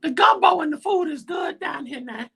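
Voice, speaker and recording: A whiny little boy fan pleading with Santa, as a woman puts him on. The voice is very high, bright and gravelly, and it rambles on with lively swings. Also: moderate pace, full character voice. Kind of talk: comedy skit.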